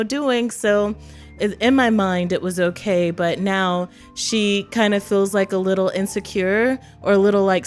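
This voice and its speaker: A woman from East Texas talking casually to the camera as a vlogger, laughing often and acting out quotes. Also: mid-range voice. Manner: chatty, laughs often, acts out quotes in other voices.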